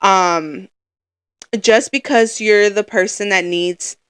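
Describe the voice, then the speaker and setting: A woman's voice: medium pitch, fairly even intonation, slow, clean tone. A young woman co-hosting a podcast, talking in a rambling, filler-heavy, emotional way. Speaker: podcast co-host. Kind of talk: casual chat.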